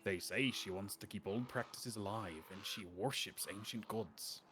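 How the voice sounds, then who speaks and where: A man voicing a gruff, superstitious old male villager with a put-on Irish-like lilt, reading game dialogue aloud in a low, muttering voice. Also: moderate pace, pushed and bright. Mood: grumbling.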